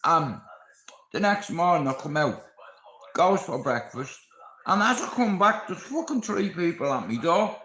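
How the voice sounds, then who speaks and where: A man's voice: fairly high pitch, a little slow, roomy sound, poor audio. A man with a Dublin accent, a live streamer telling his viewers a story in a blunt, casual way, swearing freely. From Ireland. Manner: blunt, heavy swearing, lively retelling.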